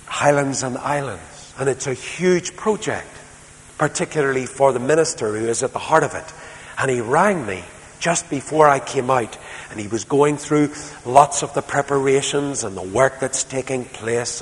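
A man preaching a sermon as a storyteller, moving between soft, quiet passages and loud, emphatic ones. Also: medium pitch. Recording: reverberant hall, faint background noise.

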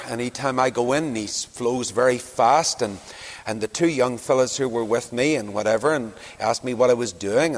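A Northern Irish preacher delivers a sermon built on anecdotes from his own encounters. His pitch sits in the middle but swings widely as he tells each story. The voice carries a long reverb through a church hall. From Northern Ireland.

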